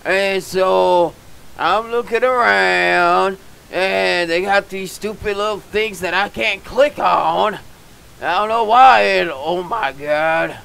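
A man doing comedic gameplay commentary in a goofy, dim-witted yokel persona with folksy slang, bursting into excited shouts. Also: sits high, takes it slowly, creaky, smooth, low-quality recording. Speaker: gamer vlogger.

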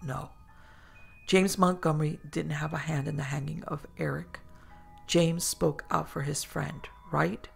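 Gravelly woman narrating a horror story. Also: low voice, fairly even intonation, soft background music. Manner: measured, dramatic storytelling. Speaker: host and narrator.

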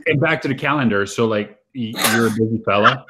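A man co-hosting a casual chat, joking and halting as he restarts his sentences. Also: mid-range voice, bright, forceful tone. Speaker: podcast co-host. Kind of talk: casual group chat over video call.

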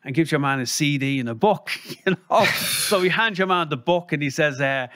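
A man's voice: a little high, moderate pace, fairly bright tone. An Irish man, a guest on a casual interview, telling rambling anecdotes and acting out the people he quotes.

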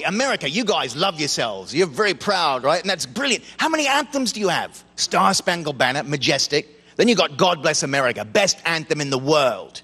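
A man with an Australian accent performing a stand-up comedy set, shifting into put-on voices and accents for his characters. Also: sits high. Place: comedy club stage with audience. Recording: live club recording, loud crowd and noise, hall reverb.

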